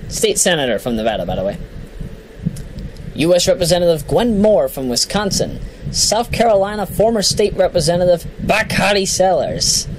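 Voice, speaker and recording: A man's voice: high voice, big pitch swings, moderate pace, a little hiss or hum, rough recording. A man giving casual political commentary who jokes, stumbles over names and laughs at himself. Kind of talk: casual commentary reading a list.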